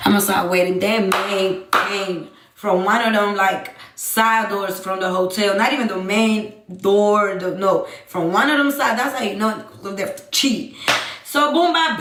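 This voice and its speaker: A young woman telling a story on a live stream, animated and profane, often calling out to her chat. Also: mid-range voice, roomy sound, background noise. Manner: animated, swears freely, keeps addressing the chat. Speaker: livestream host.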